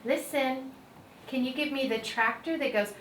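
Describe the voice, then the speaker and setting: Woman, high voice, slow, coaxing, encouraging therapist, echoey room, background noise. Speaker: listening therapist. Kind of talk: child therapy session.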